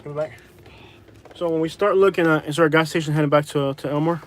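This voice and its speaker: A man's voice: a little high, steady tone, fast talker. A man from Florida rambling in casual chat while driving, talking to viewers and his passenger. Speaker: vlogger. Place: car.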